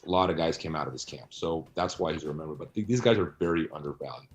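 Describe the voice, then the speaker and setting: A man with a fast-talking bass voice discusses his book in an interview, arguing his points bluntly and tossing in rhetorical asides like "right?" and "you know."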